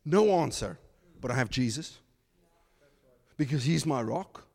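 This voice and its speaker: A man preaching a sermon as pastor, animated, slipping into mocking asides in put-on voices. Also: mid-range voice, measured pace, creaky, in a large hall. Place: church.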